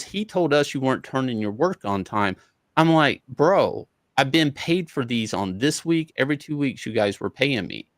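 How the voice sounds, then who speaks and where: A man's voice: mid-range voice, fairly bright tone, no echo. A man, a comic book artist, telling a story in an interview in a casual, profane way, acting out both sides of each conversation.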